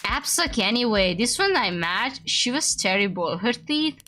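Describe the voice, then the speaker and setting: A woman's voice: fairly high pitch, expressive, a little slow, pushed and bright. A woman voicing a drunk, short-tempered female homicide detective who talks bluntly and swears. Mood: bitter.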